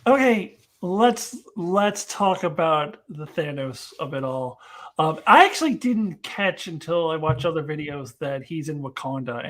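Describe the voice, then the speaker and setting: A woman hosting a casual live discussion stream, talking in an animated, ranting way. She builds her points with exasperated energy and slips into mocking little voices as she goes. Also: low-pitched. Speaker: host.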